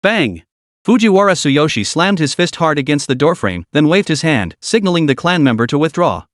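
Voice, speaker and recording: A man narrating a story in a steady, scripted reading voice. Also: fairly high pitch, moderate pace, dry recording, clean studio sound. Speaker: audiobook narrator.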